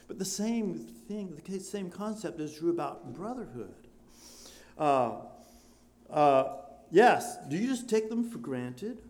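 A man preaching a sermon, switching between loud exclamations and quiet, hushed storytelling, with many questions put to his listeners. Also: fairly high pitch, expressive, measured pace. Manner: rhetorical questions to the congregation.

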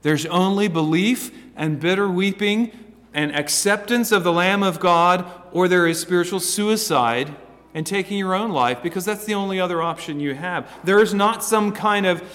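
A man preaching a sermon in a big hall, his fairly high voice ringing with a long reverb. He talks earnestly, stumbling into restarts, rising loud and then dropping to a hush. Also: moderate pace. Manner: earnest, stammering restarts, swings between loud and hushed.

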